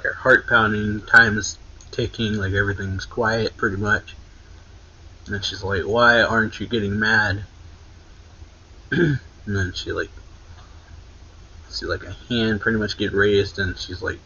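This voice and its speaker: Young male reaction host, low-pitched, bright and husky, rambling casual recap, lo-fi mic. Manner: rambling, filler-heavy retelling with many likes and restarts. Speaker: anime reaction channel host.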